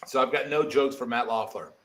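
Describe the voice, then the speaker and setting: A man's voice: medium pitch, fairly quick, fairly bright tone. A man co-hosting a podcast who jokes and cheers on the others with enthusiasm. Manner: enthusiastic, joking, laughs a lot. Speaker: podcast co-host. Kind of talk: casual banter.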